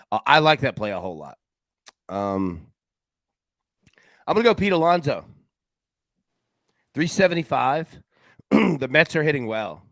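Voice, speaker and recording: A man's voice: medium pitch, dry recording. A man hosting a sports betting show, chatting casually in a loose, slangy way. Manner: animated, loose and slangy, lots of "man" and "dude".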